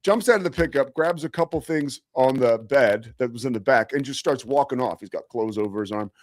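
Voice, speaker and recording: A man's voice: mid-range voice, brisk, no room sound, clean studio sound. A man hosting a sports talk show, telling a story in a rambling, self-mocking way with lots of fillers. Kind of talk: casual storytelling monologue.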